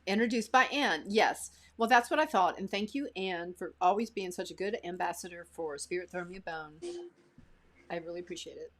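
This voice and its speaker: A woman's voice: lowish voice, brisk, a bit bright. A woman co-hosting a live stream in casual chat, giggling often and reading out viewer comments. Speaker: co-host.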